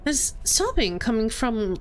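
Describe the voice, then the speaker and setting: A woman's voice: on the high side, sing-song, measured pace, slight background noise. A young woman streamer, chatty, reading game text aloud and talking to viewers. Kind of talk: casual game playthrough narration.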